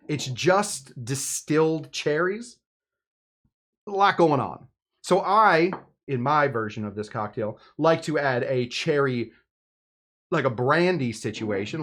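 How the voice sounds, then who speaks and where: Rambling, jokey man making cocktails. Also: medium pitch. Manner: rambling, jokey, chatty, with many fillers. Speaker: home bartender host. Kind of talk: casual cocktail-making video with live chat.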